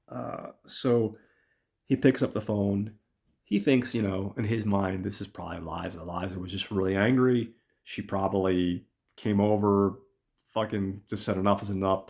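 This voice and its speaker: A man hosting a podcast, casually recapping a film's plot in a chatty, profane way and calling his listeners guys. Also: on the low side. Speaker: podcast host.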